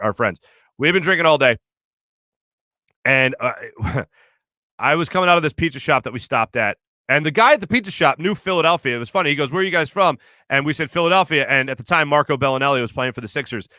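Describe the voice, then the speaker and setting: With a slightly high, sharp voice, a man in his thirties hosts a sports show from the studio, reading viewer comments in loose chat full of laughter and rambling tales. The recording is studio quality with no room sound.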